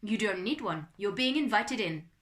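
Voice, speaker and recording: A woman's voice: medium pitch, animated, normal speed, fairly bright tone, slight background noise, pitched above the performer's own voice, lightly acted. A woman voicing a stiff, mournful male butler with a put-on French accent, giving stern commands.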